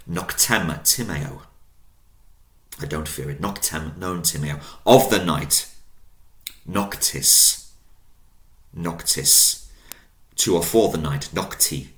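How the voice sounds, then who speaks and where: A man's voice: rumbling low, a bit bright. A man teaching a language lesson online, patiently spelling out word endings and drawing out each new word. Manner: patient, spells out endings, drawn-out vocabulary words. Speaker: Latin teacher. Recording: roomy echo.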